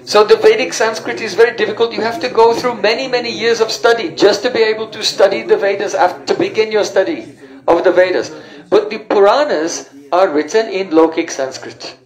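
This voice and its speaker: High-voiced man teaching scripture, echoey. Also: fairly quick. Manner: explanatory, with fillers and self-corrections. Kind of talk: spiritual lecture.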